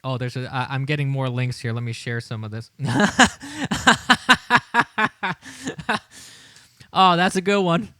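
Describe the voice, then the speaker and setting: A man's voice: medium pitch, lively intonation, a little fast, hardly any pauses, fairly bright tone, smooth, no echo, clean studio sound. A man hosting a casual livestream, reading replies aloud with frequent laughter, disbelief and stumbling restarts. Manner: laughing, incredulous, rambling with restarts. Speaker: livestream host.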